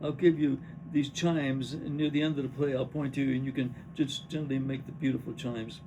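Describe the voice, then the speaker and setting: A man's voice: mid-range voice, steady tone, a little fast, noisy background, lightly acted. A man reading the part of a cheerful, coaxing woman who runs a pantomime, at a play rehearsal. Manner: encouraging, playful, sing-song. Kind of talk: rehearsal read-through.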